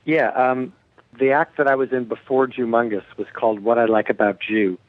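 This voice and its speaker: A man's voice: mid-range voice, little pitch movement, moderate pace, no echo. A man talking as a guest musician in a casual radio interview, chatty and joking, heard over a phone line.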